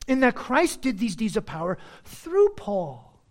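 A man preaching from the pulpit, his pitch leaping up and down as he drives points home. He moves between loud, emphatic lines and sudden soft asides, in the manner of a pastor teaching verse by verse. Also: huge pitch swings, measured pace. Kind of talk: expository sermon.

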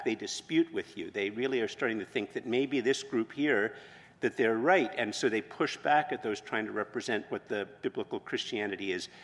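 Man preaching in a reverberant hall. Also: medium pitch. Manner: conversational, many fillers and restarts. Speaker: pastor. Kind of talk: sermon.

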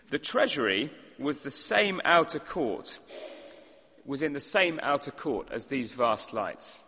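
A male preacher delivers a sermon in a large hall, his voice bright and sharp against a long, ringing reverb. He speaks with emphasis, asking the congregation rhetorical questions and clearing his throat from time to time. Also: mid-range voice, sing-song, takes it slowly. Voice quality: clears throat now and then.

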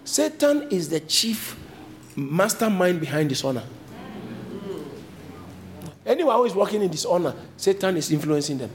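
A man preaching a sermon as a pastor, switching between low explanations and sudden high emphatic lines. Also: normal speed, pauses often. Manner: animated preaching, jumping to high emphatic pitch.

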